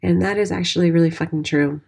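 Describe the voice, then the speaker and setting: A woman's voice: on the low side, quick pace, gravelly, darkish tone, breathy edge. A woman in her forties, a dance teacher and studio owner, candidly telling her life story and swearing freely. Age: 40s. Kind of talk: personal storytelling monologue.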